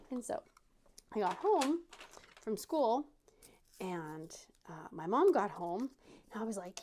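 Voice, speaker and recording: A woman talking casually to her channel's viewers in a middle-pitched voice, wandering through a story full of "um"s and restarts. She pokes fun at herself as she goes, with a faint hiss under her voice. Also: expressive, takes it slowly, pauses often, darkish tone. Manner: rambling, self-deprecating, lots of fillers and restarts. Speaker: craft channel host.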